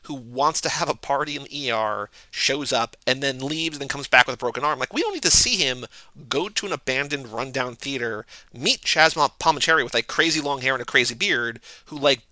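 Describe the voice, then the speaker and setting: A man's voice: mid-range voice, expressive, fairly quick, pushed and bright, no echo, poor audio. A man co-hosting a podcast, talking casually about a movie with lots of "like" and sarcastic asides. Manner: chatty, heavy use of "like", sarcastic asides. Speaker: podcast co-host. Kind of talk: casual movie-review chat.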